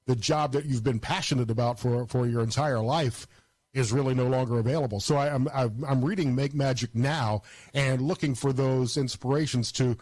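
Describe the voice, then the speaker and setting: A middle-aged man hosting an interview show, talking in a halting way and repeating words as he thinks. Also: medium pitch, a little mellow, no room sound. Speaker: radio show host. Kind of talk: interview conversation.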